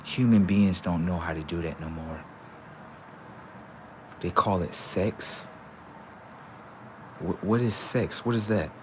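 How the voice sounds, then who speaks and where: A man playing a spacey, detached oddball who talks about "human beings" in a calm, low, matter-of-fact murmur. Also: slow, long pauses, noisy background. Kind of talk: comedy skit character.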